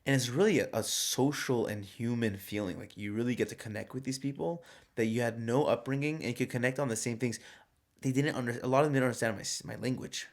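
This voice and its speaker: A man chatting as a podcast guest, telling travel stories in an animated, joking way. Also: mid-range voice, quick pace. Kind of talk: casual chat.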